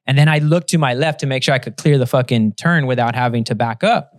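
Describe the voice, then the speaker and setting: Brief: male podcast host, mid-pitched, swears a lot, acts out the voices in his stories, dry studio sound. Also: fast, dry recording. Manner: profane storyteller, lively retelling with put-on voices. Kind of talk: casual chat.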